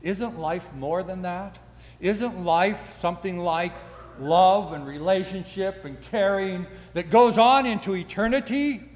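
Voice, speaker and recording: Older male preacher with a high-pitched voice, folksy, keeps asking rhetorical questions; long church-hall reverb. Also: a little slow, darkish tone. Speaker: pastor. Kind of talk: sermon.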